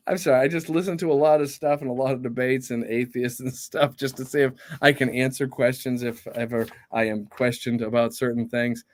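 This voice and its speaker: Animated pastor with a lively, rising voice. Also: male voice, medium pitch. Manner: conversational, self-interrupting, rhetorical questions. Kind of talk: informal Bible study talk.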